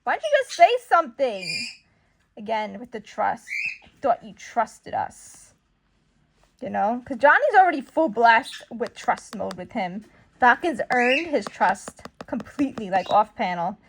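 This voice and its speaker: A woman giving slangy, animated commentary while reading a comic aloud, on a noisy recording. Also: fairly high pitch, moderate pace, vocal fry. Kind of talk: casual comic read-along commentary.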